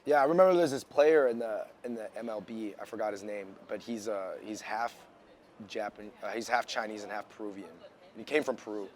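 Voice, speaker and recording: A man's voice: fairly low pitch, a little fast, darkish tone. A man chatting loosely in a casual interview, with many likes and restarts, recorded outside.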